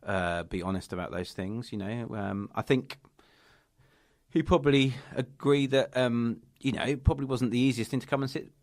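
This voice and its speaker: Male podcast co-host, low gravelly voice, hesitant earnest delivery, dry sound. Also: moderate pace, no echo. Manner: hesitant, lots of ums, earnest. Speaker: podcast co-host and children's author. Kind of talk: casual podcast chat.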